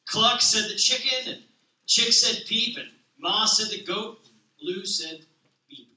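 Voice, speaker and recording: A man, a pastor, reading a children's picture book aloud with lively expression, then talking casually to open a sermon. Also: sits high, a little slow, roomy sound, distant mic, low-quality recording.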